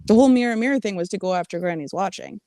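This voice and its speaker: A woman co-hosting a casual gossip livestream, laid-back as she speculates and throws in quick asides. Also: mid-range voice, animated, dark tone. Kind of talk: casual gossip commentary chat.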